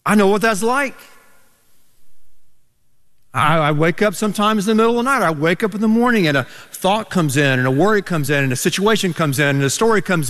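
Pastor preaching, high voice, lively storytelling, long church echo. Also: male voice. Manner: animated storytelling, rising to emphatic peaks. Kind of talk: sermon. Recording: reverberant church hall.

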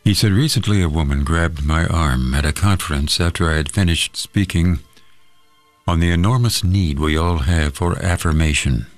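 Deep-voiced man hosting a devotional radio program. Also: moderate pace, no echo, faint music behind.

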